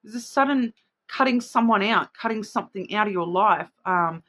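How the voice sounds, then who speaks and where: A woman's voice: medium pitch, normal speed, a bit bright. A woman with an Australian accent giving a casual spoken card reading, chatty and rambling, often checking in with the listener. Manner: chatty, rambling, keeps checking in with "all right?". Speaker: card reader.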